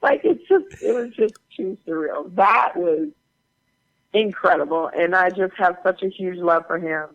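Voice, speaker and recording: A woman's voice: fairly low pitch, unhurried, creaky. Lady guest spinning chatty stories, lotsa um and like, kinda muffled lo-fi audio. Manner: animated, chatty anecdote-telling with many fillers. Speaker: guest actor. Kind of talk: casual interview storytelling.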